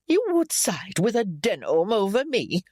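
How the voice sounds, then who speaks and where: A woman's voice: big pitch swings, moderate pace, dry recording, clean studio sound. A man voicing a haughty, domineering elderly noblewoman in an audiobook, speaking in a cold, imperious way. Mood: indignant. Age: older. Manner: cold, imperious, rising to shrill shrieks. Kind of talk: audiobook character voice.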